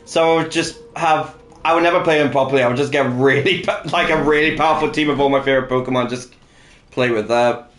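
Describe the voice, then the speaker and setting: A man's voice: mid-range voice, fairly even intonation, quick pace, a bit bright. A man co-hosting a casual gaming session, chatting and thinking aloud with lots of fillers as he plays. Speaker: co-host playing the game. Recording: roomy echo with faint music.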